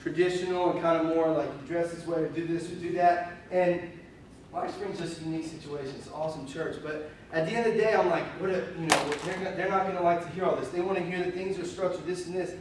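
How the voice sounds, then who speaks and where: Candid young pastor in an echoey church. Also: male voice, a little high, quick pace. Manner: candid, animated, self-deprecating, full of fillers. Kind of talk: conversational sermon storytelling. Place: church sanctuary. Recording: very echoey room, voice from far off, faint hiss.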